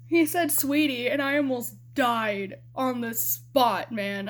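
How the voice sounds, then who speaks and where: A woman's voice: high voice, normal speed. A young adult woman telling a story to camera in a casual vlog, chatty and giggly, swearing freely. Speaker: vlogger.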